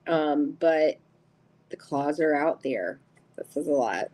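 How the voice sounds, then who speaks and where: A woman's voice: sits low, animated, slow, darkish tone, poor audio. A middle-aged woman hosting a live tarot stream, chatting casually and giggling as she greets viewers by name.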